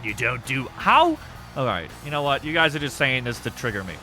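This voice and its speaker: A man hosting a live stream, chatting casually and excitably with viewers, joking and swearing freely. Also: medium pitch, a little fast, faint music behind. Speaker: streamer hosting a wrestling show.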